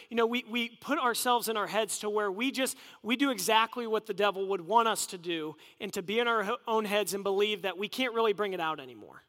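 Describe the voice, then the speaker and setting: Bright-voiced young-sounding male preacher. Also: sits high, a little fast, few pauses, big-room sound. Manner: earnest, conversational preaching with acted inner voices. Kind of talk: sermon.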